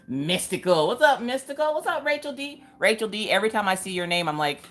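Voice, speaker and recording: Animated woman hosting a livestream. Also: mid-range voice, fast talker, few pauses. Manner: animated, greets viewers by name with playful exclamations; joking, chatty asides. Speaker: livestream host. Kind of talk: casual livestream chat.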